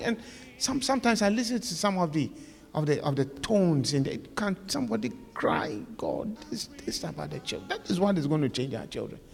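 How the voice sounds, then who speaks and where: A man preaching and leading a fervent prayer, repeating his pleas and moving between loud calls and plain, scolding talk to the congregation. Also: fairly high pitch. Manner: fervent, repetitive prayer with rising, pleading calls; conversational, scolding exhortation. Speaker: pastor. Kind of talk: sermon with led prayer. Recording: long hall reverb with faint music.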